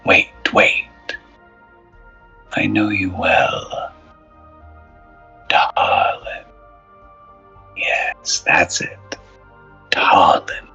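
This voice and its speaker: A man's voice: deep voice, fairly even intonation, very slow, vocal fry, long pauses, pushed and bright, slightly rough, dull audio, faint music behind, heavily acted. A man voicing a mysterious old man in black robes with a whispery, eerie voice. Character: mysterious old robed man with white beard.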